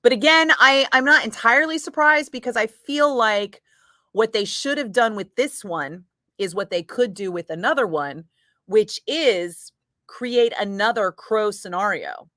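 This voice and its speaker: A woman's voice: a little high, lively intonation, measured pace, bright, forceful tone, dry recording, clean studio sound. A woman radio host from Northern California chatting casually with her live chat, laughing often, swearing freely and rambling through asides. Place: radio studio.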